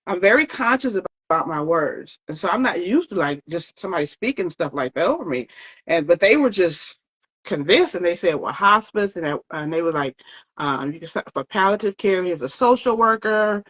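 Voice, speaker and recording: A woman with a slightly low voice recounts her story in an interview. She talks in a loose, conversational way, full of fillers and quoted exchanges. The recording sounds dull and lo-fi. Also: lively intonation, a little fast, fairly bright tone, breathy edge. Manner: conversational, often quoting others, many fillers.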